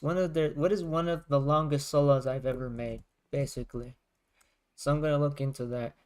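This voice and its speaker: A man's voice: fairly high pitch, darkish tone, clean tone. A man, a music creator, chatting casually on a livestream, rambling and circling back to rephrase his points.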